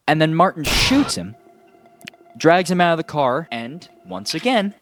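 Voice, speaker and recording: Excitable, jokey man reviewing a horror film. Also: a little high, a little slow, faint music behind. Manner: excitable, jokey, sarcastic asides. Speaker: movie review host. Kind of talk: casual horror movie review.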